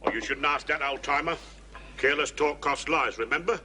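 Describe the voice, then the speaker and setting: An actor playing a sailor who speaks in a matter-of-fact, cautioning way. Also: male voice, fairly high pitch, a little fast, a little hiss or hum, close to an everyday voice. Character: cautious sailor, adult man.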